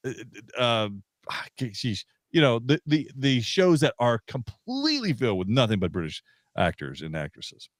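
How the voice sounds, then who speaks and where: Animated man co-hosting a podcast. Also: medium pitch, moderate pace, no room sound, clean studio sound. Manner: animated, emphatic, repeats words when excited. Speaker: podcast co-host. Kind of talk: casual chat.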